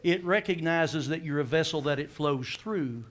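A man preaching a sermon as pastor, animated, acting out scripture voices and asking the congregation questions. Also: fairly high pitch, normal speed, a little hiss or hum.

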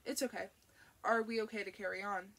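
A gentle, jokey middle-aged father, read by a woman narrator in an audiobook. The voice sits near her own middle pitch with a gravelly grain. He talks softly and soothingly. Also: steady tone, a little fast. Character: warm, joking middle-aged dad.

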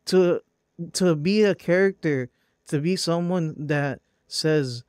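A man's voice: on the high side, slow, darkish tone, no room sound. Dry, blunt, profane man ranting. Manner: blunt, profane, repeats "bro". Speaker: podcast host. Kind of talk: heated podcast rant.

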